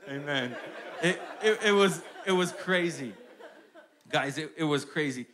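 A young man preaching a sermon, shifting between hushed personal storytelling and loud, emphatic declarations with lots of repetition. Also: fairly high pitch, expressive, a little slow, noisy background.

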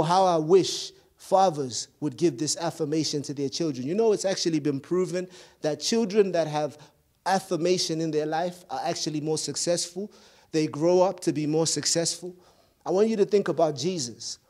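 In a mellow, higher-than-average voice at normal speed, a male pastor preaches with an emphatic, repetitive cadence. Occasionally he stumbles, repeating words while he searches for them.

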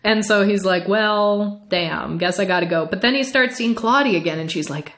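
Woman, podcast co-host, casual chat, lively retelling with character voices, frequent laughs. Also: medium pitch. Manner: animated retelling, acting out characters in quick voices; laughs often. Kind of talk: casual book discussion.

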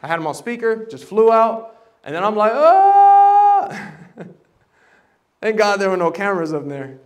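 A man preaching a sermon, animated and dramatic, acting out voices and swinging from loud bursts to hushed tones. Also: high voice, fast. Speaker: pastor. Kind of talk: sermon storytelling. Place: church service.

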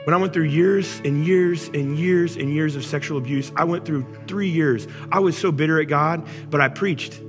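A man preaching a sermon as pastor, animated and acting out angry complaints before dropping to soft, intimate tones. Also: fairly high pitch, moderate pace, few pauses. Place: church auditorium. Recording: church hall reverb with music.

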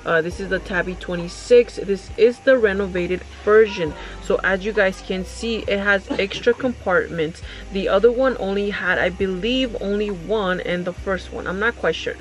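Young female beauty vlogger, mid-pitch, gushy and chatty, home unboxing. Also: normal speed, hardly any pauses, poor audio. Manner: gushing, excitable, chatty, addresses viewers directly. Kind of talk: casual unboxing vlog. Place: home, by her mirror.

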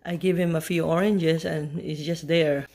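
A woman's voice: sits low, fairly even intonation, normal speed, a little mellow. A woman vlogging at home at night, chatting casually and cooing baby talk to her dogs. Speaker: vlogger filming her pets. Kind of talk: casual chat.

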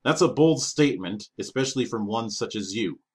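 A man voicing a brash cyborg alien pirate king who talks loudly and bluntly. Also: lowish voice, animated, a little fast. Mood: mocking. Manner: blustering, gruff demands.

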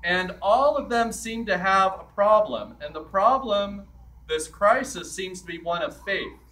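A man's voice: sits high, animated, a little slow, pushed and bright, distant mic, low-quality recording. A man preaching a sermon as a priest in a church, in a conversational way that acts out the scripture quotes.

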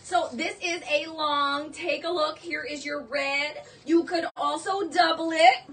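High, gushing woman selling jewelry. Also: measured pace, recorded from a distance. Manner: gushing, excitable, exclaiming. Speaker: live jewelry sale host. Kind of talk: live-stream selling.

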